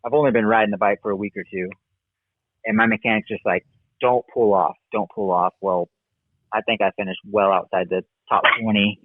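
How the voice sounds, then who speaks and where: A man's voice: fairly low pitch, fairly quick, no echo. A man who is a former motocross racer, telling his career story in a casual, rambling way and often saying "dude" and "like". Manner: relaxed, rambling, says "dude" and "like". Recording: tinny phone-like line, dry.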